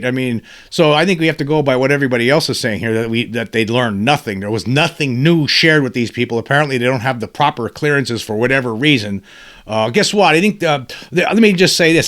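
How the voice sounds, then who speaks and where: A male host giving news commentary, ranting with halting restarts and repeated questions, building to angry shouting. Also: medium pitch.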